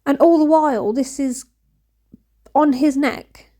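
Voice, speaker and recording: A woman's voice: high voice, fairly even intonation, takes it slowly, mellow. Chatty woman rambling while cleaning. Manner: rambling, frank, self-mocking. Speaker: cleaning vlogger.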